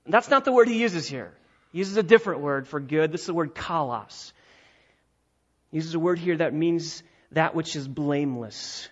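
High-voiced emphatic preacher man. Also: lively intonation, moderate pace, fairly bright tone. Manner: emphatic, building to raised pitch and volume on key words. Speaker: pastor. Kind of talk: expository sermon. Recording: dull lo-fi recording.

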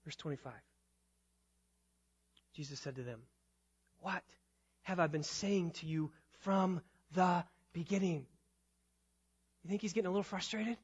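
A high-pitched man preaching with rising force, driving phrases home through repetition and swelling to loud peaks. The recording sounds dull and lo-fi. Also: unhurried, pauses often, husky. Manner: emphatic preaching, repeats phrases, rises to loud climaxes. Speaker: pastor. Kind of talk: sermon.

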